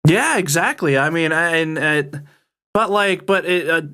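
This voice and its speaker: A man's voice: fairly high pitch, animated, a little slow, bright, forceful tone, smooth. A man in his thirties co-hosting a casual podcast, talking in a chatty, rambling way. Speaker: podcast co-host.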